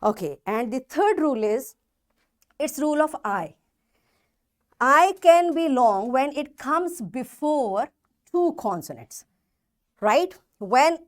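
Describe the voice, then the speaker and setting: Slow patient teacher woman, lively high voice. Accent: Pakistani English. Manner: slow, patient, repeats example words and checks understanding. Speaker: English teacher. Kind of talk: recorded phonics lesson for children.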